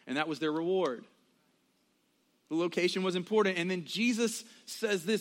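High-voiced young man preaching a sermon. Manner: conversational preaching with quick asides and acted quotes. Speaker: pastor.

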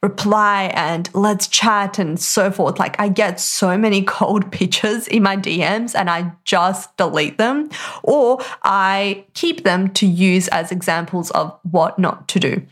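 A woman, hosting a podcast and telling a story in a chatty, animated way, full of "like" fillers. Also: mid-range voice, a little slow. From Australia. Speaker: podcast host. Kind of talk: casual storytelling monologue.

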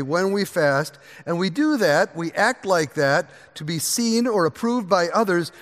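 A man preaching a sermon from the pulpit, earnest and varied, quieter during prayer. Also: on the high side. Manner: earnest, varies pace, drops to a soft voice in prayer. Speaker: pastor. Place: church sanctuary. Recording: long echo of a large church hall.

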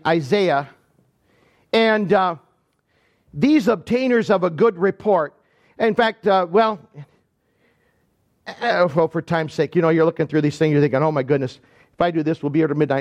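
A man from Michigan preaching a sermon to his congregation, telling a story in a conversational, animated way and talking directly to the people. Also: high voice, lo-fi sound. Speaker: pastor. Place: church sanctuary.

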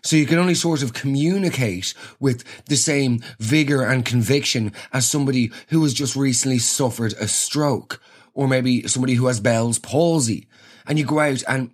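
An Irish man hosting a podcast, telling a comic story in an animated, exasperated rant. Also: medium pitch, moderate pace. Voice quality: animated, exasperated ranting with swearing. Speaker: podcast host. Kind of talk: comedic storytelling monologue.

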